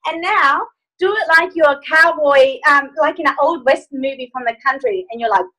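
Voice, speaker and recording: A woman's voice: high-pitched, normal speed, bright, forceful tone, rough recording. A woman life coach leading a group video call from her phone, giving upbeat, playful instructions.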